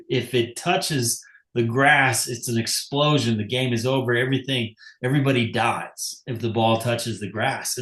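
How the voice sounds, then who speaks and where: Mid-pitched male host in an echoey room. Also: fairly bright tone. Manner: reflective, explanatory storytelling. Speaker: podcast host, coach. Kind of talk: casual interview talk.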